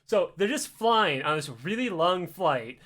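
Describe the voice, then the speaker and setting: A man's voice: sits high, lively intonation, measured pace, pushed and bright. A man casually telling a comic story, swearing often and acting out the voices with laughs. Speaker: podcast host telling a story.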